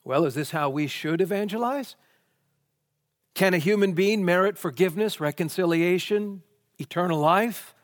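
A man's voice: high voice, moderate pace, in a large hall. A man preaching a sermon, posing question after question before answering them emphatically.

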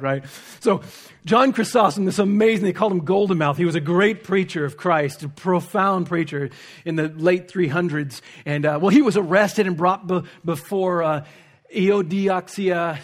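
A man preaching a sermon, earnest, swinging between emphatic points and hushed, quiet stretches. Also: fairly high pitch.

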